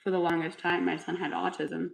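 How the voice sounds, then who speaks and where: Gravelly-voiced woman, sarcastic streamer. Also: fairly low pitch, flat delivery, brisk, poor audio. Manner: sarcastic and mock-sweet. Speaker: livestreamer with a son. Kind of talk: casual livestream chat answering comments.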